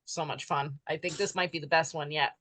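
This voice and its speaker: Woman leading a class on a video call, chatty and friendly, a bit hoarse, dry sound. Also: deep voice, steady tone, fairly quick, fairly bright tone, dry recording, rough recording. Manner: friendly, chatty, says she is losing her voice. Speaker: class leader. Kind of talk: online class instruction.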